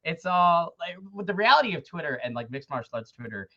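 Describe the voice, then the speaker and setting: A man's voice: on the high side, sing-song, fast talker, pushed and bright, dull audio. An American man, an MMA commentator, chatting casually as a podcast guest, blunt and swearing freely with a self-mocking edge. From United States.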